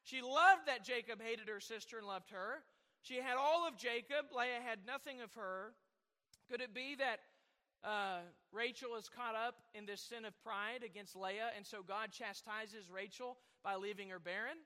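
A man's voice: very high-pitched, normal speed, bright, forceful tone, in a large hall. A man preaching a sermon, rambling at times and asking the congregation questions. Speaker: pastor.

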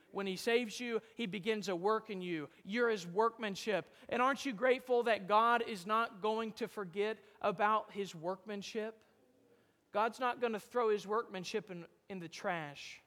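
A man preaching a sermon as pastor, quoting old-style scripture, swinging between loud emphatic peaks and quiet low lines. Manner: quotes King James scripture. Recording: long hall reverb.

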